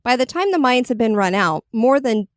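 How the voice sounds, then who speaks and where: Giggly woman co-host with a lively voice. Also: fairly high pitch, normal speed, noisy background. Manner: giggly, often breaks into laughter; stumbles over words while reading. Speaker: podcast co-host. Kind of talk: casual chat reading history notes. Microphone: studio podcast mic.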